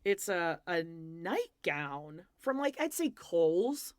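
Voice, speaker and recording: A woman's voice: fairly low pitch, big pitch swings, slow pace. A woman co-hosting a podcast in casual gossip chat, blunt and joking, full of "like" fillers. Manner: chatty, frequent "like" fillers, blunt jokes. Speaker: podcast co-host.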